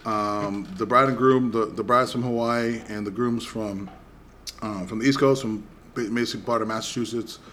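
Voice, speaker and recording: A middle-aged man hosting a podcast, telling a story in casual chat, animated and profane, acting out both sides of a quarrel. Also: on the low side, normal speed, slight background noise. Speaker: podcast host.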